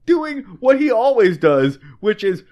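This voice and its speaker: A man's voice: extremely high pitch, big pitch swings, mellow, dull audio. A man co-hosting a comedy podcast, retelling scenes in a profane, joking way. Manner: profane, fast, laughing storytelling. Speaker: podcast co-host. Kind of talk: casual comedic recap chat.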